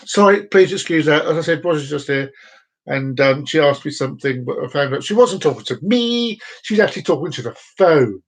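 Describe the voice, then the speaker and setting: A man's voice: on the high side, animated, fairly quick. A man hosting a casual live stream, rambling and telling groan-worthy jokes to viewers by name. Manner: chats directly to viewers by name.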